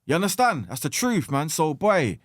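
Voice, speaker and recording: Fervent man, lively high voice. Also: moderate pace, no echo, clean studio sound. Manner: fervent, preachy, openly emotional. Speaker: podcast guest, musician. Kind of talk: impassioned podcast talk.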